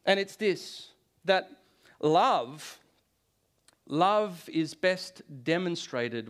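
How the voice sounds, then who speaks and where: A man's voice: fairly high pitch, lively intonation, unhurried, pauses often. A man preaching a Good Friday sermon to a church congregation, telling stories with a joking touch and chuckling often. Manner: storytelling, jokey, chuckles often. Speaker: pastor.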